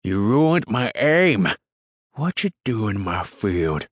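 A man plays a rough, hostile farmer with a drawl. His voice is very deep and growling. The sound is dry and close. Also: a little slow, no echo. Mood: enraged.

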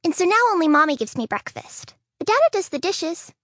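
Woman audiobook narrator, high, soft, childlike first-person read, dry studio sound. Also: very animated, fairly quick, no room sound.

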